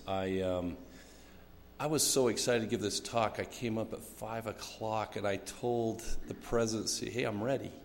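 A man's voice: fairly low pitch, in a large hall, slight background noise. A man giving an earnest, folksy church talk from a pulpit, with ums and asides. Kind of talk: sermon-style church talk.

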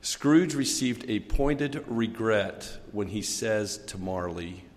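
A man's voice: fairly low pitch, expressive, takes it slowly, big-room sound. A man giving an earnest, folksy church talk from a pulpit, with ums and asides. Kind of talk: sermon-style church talk.

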